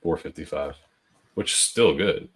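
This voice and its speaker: A man co-hosting a sports betting podcast, relaxed in casual chat, sharing stats and fun facts. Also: rumbling low, a little slow. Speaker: podcast co-host.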